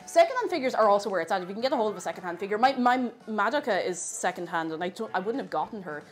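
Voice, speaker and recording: A woman chats with her stream viewers from her home kitchen while she bakes. Her talk is animated, with a pitch that leaps high and drops low, and she laughs often. Faint music plays behind her. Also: rapid-fire. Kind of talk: casual live-stream chat while baking.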